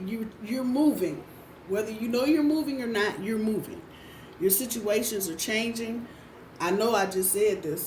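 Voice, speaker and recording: A woman's voice: mid-range voice, a little mellow. A woman giving a casual tarot reading in a blunt, profane way, repeating phrases for emphasis. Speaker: tarot reader. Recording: roomy, distant mic, faint background noise.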